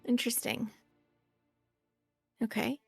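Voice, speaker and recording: A woman running a tabletop game on stream as game master, chatty and quick to laugh. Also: on the high side, flat delivery, vocal fry, darkish tone, slightly rough, dry recording, faint music behind.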